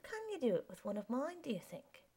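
A woman's voice: high-pitched, sing-song, a little fast, dark tone, breathy edge, voice pushed up, heavily acted. A woman voicing a courteous foreign new boy who talks in formal, polite phrasing and tells far-off tales. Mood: curious, polite.

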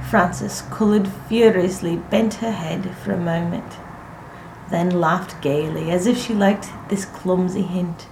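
A woman narrating a literary story aloud in a measured, expressive reading. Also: lowish voice, vocal fry. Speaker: audiobook narrator. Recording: echoey room, faint noise.

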